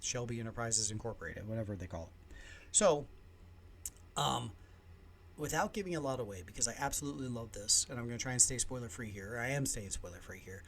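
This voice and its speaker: A man's voice: mid-range voice, fairly quick, a little hiss or hum. A man hosting a podcast, giving casual, opinionated reviews of movies and shows with lots of fillers and side remarks. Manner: animated and opinionated, with many fillers and asides. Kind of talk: casual solo review talk.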